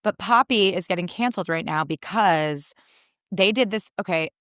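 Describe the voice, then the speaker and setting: A young woman hosting a casual solo podcast, ranting in an animated, sarcastic and profane way. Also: fairly low pitch, normal speed, dry recording, studio quality. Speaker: podcast host.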